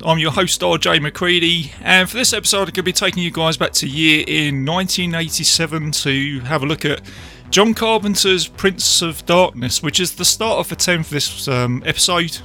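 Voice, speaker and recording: A man's voice: on the high side, moderate pace, pushed and bright, soft background music. A man hosting a podcast, chatting casually with guests in a friendly, laughing way. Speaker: podcast host.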